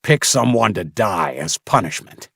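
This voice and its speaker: Audiobook villain: a cruel, enraged captor who roars and growls, voiced higher and rougher, as a man puts him on. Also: sing-song, unhurried, a bit bright, no room sound, studio quality, heavily acted. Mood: menacing. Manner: roaring and growling. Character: enraged cruel adult male captor with a rifle.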